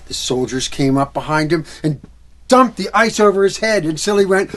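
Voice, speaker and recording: A man telling a fairy tale to children at a library event, acting out the characters and sound effects with lively energy. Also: sits high, moderate pace. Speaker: musical storyteller. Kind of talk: storytelling for children.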